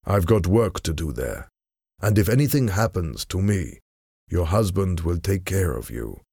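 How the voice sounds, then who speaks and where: A man voicing a steady young man who calmly refuses his sister in a storybook reading. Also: deep voice, unhurried, vocal fry, breathy edge, no echo, clean studio sound, heavily acted. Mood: firm reassuring. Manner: calm, firm, quiet. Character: steady, devoted young man, her brother.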